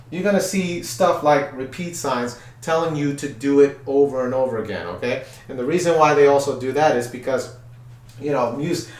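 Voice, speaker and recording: A man's voice: mid-range voice, fairly bright tone, recorded from a distance. Upbeat male music teacher, echoey room. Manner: upbeat, coaxing, counts in and chants call-and-response. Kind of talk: children's music lesson. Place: room with chalkboards.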